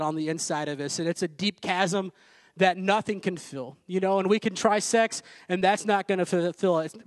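A man's voice: sits high, dry recording. A man preaching a sermon in a conversational way, with asides and light jokes, speaking to a room. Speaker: pastor. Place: church room.

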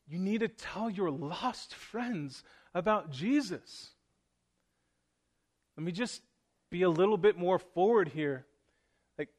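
A man preaching to his congregation in a church room. His voice sits a little high for a man. He is earnest and plain-spoken, and he presses his listeners to act. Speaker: pastor. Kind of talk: sermon.

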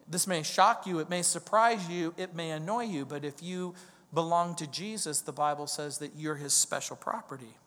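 This pastor, a middle-aged Southern Californian with a high, pushed, bright voice, preaches a verse-by-verse sermon that echoes with long reverb through a big church hall. Emphatic and storytelling, he slows down on key words to land his points and alternates freely between scripture and his own stories.

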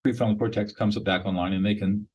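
A man's voice: lowish voice, fairly even intonation, fast talker, darkish tone, husky, dull audio. A man, a mediator and podcast guest, explaining his method in a blunt, emphatic, instructional way.

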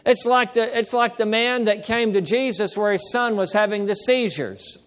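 A man preaching a sermon as pastor, calling for amens and slowing down to stress key words. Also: high voice, a bit bright, long reverb tail.

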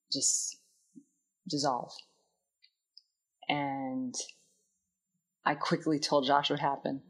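Woman, low voice, unhurried, candid and introspective, drops soft at phrase ends. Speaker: vlogger. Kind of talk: personal reflective storytelling.

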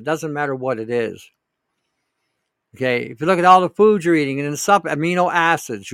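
A man's voice: fairly high pitch, pushed and bright, smooth, dry recording, clean studio sound. A man hosting a show, talking in a blunt, rambling, opinionated way and answering a listener's question. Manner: blunt, rambling, emphatic with profanity. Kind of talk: casual opinionated monologue.

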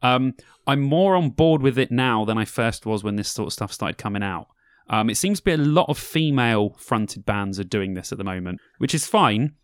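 A man's voice: mid-range voice, expressive, normal speed, no room sound. A young man co-hosting a podcast, chatting casually and rambling with lots of ums as he explains music styles. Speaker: podcast co-host. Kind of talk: casual chat reviewing festival bands.

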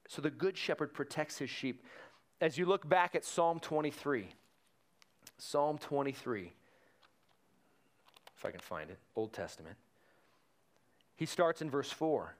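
A man's voice: mid-range voice, animated, moderate pace, pauses often. A man preaching a sermon in a conversational way, retelling Bible stories with energy. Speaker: pastor.

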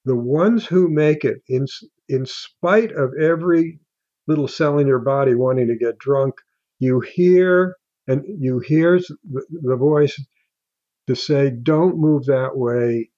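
Older man, halting and mellow. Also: mid-range voice, no echo, muffled recording. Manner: halting, with many restarts and fillers. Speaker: guest author. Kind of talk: casual interview talk.

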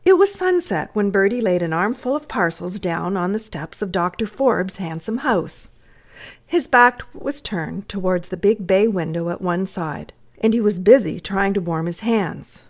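A woman from Canada reading a classic short story aloud, measured and expressive. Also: medium pitch. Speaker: reader.

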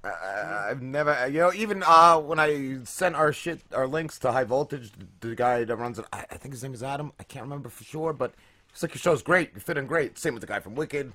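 A man's voice: mid-range voice, brisk. A man hosting a podcast, ranting loosely and profanely in casual chat. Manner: loose, profane, animated ranting with funny voices. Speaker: podcast host.

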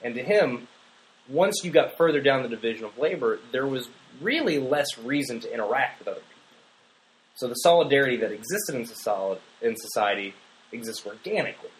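A man talks through a film in relaxed podcast chat, circling his points with lots of fillers and restarts. His voice sits at an everyday middle pitch, with faint noise behind him. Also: fairly quick, low-quality recording. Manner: rambling, many fillers and restarts. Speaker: podcast co-host. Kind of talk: casual film discussion.

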